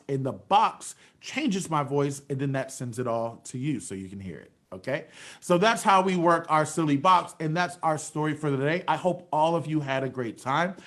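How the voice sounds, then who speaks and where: A man's voice: on the high side, fairly bright tone. A man narrating a children's storytime in a sing-song way, asking the kids questions and praising them, into a large microphone. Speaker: children's storyteller and music teacher. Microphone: large microphone into a voice box.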